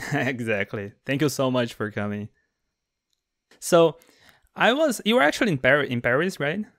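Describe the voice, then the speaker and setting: A man hosting a podcast and interviewing a guest in a friendly, lively way. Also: mid-range voice, measured pace, no echo, clean studio sound. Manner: friendly, lively, laughs easily. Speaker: podcast host. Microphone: remote call mic.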